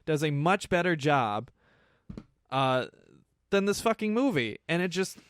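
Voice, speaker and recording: A man's voice: a little high, very animated, measured pace, a bit bright, smooth, dry recording, studio quality. A man hosting a casual film review, ranting with lots of swearing and frequent laughs. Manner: profane, ranting, laughs often. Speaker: movie review host.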